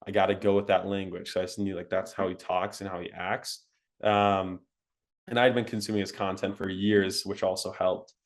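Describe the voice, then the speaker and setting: A young man telling his story as an interview guest, animated and laughing, full of "like" and "um". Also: low voice, normal speed. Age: young adult. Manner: animated, laughing, frequent fillers like "like" and "um".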